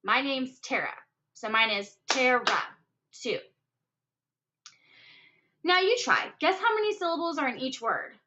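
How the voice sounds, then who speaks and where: A woman explaining a poetry lesson in an upbeat way, counting out syllables slowly and stressing each word. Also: sits high, lively intonation, noisy background. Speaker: teacher. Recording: dull lo-fi recording.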